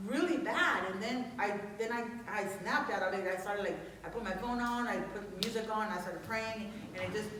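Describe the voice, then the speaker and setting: A woman's voice: mid-range voice, fairly bright tone, far from the mic, slight background noise. A woman preacher giving a chatty, earnest sermon, full of fillers and restarts. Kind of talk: conversational sermon. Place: church. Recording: echoey church hall from afar.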